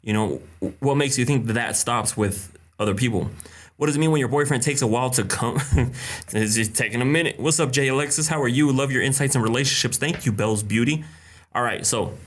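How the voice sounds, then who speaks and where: A young man chats casually on a live stream, calling out viewers by name one after another. He is relaxed and talkative, at an ordinary middle pitch, and mixes in quick Spanish greetings. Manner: drops in short Spanish greetings. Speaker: live-stream host answering viewer questions.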